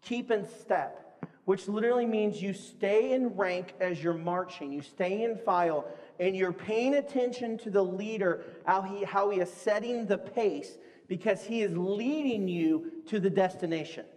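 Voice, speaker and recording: High-voiced preacher in a reverberant hall. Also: male voice, measured pace. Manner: lively, conversational, acts out quoted voices. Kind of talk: sermon with audience games.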